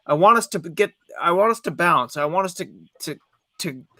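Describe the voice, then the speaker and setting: A man's voice: high-pitched, animated, normal speed, pushed and bright, dry recording. A man calling in to a fan show, ranting with emphasis and repeating words as he builds his point. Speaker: fan caller. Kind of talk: heated fan call-in rant.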